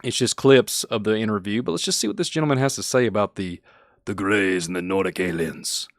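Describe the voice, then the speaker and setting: A man hosting a conspiracy podcast, talking excitedly and folksy straight to his listeners. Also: on the low side, fairly quick, no echo, clean studio sound. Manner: animated, folksy, talks straight to the audience. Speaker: podcast host.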